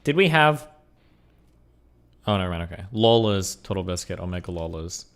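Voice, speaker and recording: A man with a fairly low voice co-hosts a loose stream chat. He rambles and floats half-formed ideas, often restarting his sentences. His tone stays easygoing throughout. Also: animated, normal speed, gravelly, clear, resonant tone. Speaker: stream co-host. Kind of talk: casual chat.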